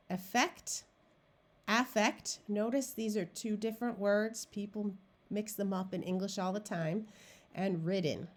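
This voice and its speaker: Slow, deliberate woman teaching phonics. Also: medium pitch, a little mellow. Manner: slow, deliberate, clear word-by-word modeling. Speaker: reading tutor. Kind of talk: phonics lesson narration.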